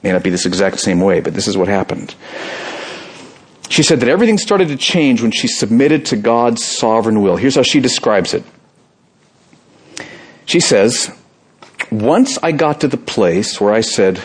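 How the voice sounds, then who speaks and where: A middle-aged man preaching a sermon as pastor, earnest, climbing to emphatic peaks and dropping soft and low when he voices prayers. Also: animated, normal speed, long pauses, slightly rough.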